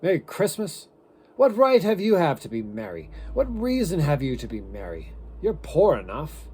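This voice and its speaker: A man reading aloud and voicing a grumpy, miserly old man who barks his retorts loudly. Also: on the high side, huge pitch swings, moderate pace, breathy edge, voice pushed up, exaggerated voice. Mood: scornful. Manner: scornful, loud barking retorts.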